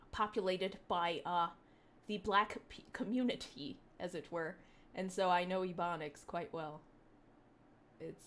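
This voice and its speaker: A woman livestreaming and chatting casually to her chat, rambling with joking, sarcastic asides. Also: lowish voice. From Puerto Rican heritage.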